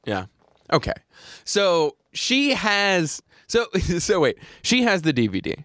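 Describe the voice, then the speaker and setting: A man's voice: high-pitched, wildly swooping pitch, takes it slowly, a bit bright, no room sound. A man hosting a podcast in casual chat, joking, laughing often and acting out little scenes. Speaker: podcast host.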